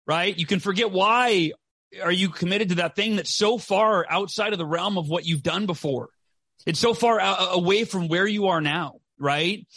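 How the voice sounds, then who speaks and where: A man's voice: fairly high pitch, fairly bright tone, dry recording. Emphatic man in his forties, dry sound. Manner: emphatic, repeats phrases, frequent "right?". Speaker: podcast guest, author and speaker. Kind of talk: passionate motivational interview talk.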